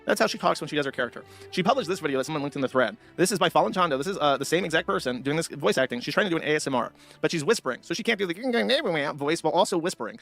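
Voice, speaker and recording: Fast, bright-voiced mocking streamer. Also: male voice, on the high side, expressive, vocal fry, faint music behind. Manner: blunt, mocking. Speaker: streamer host. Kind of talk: livestream commentary.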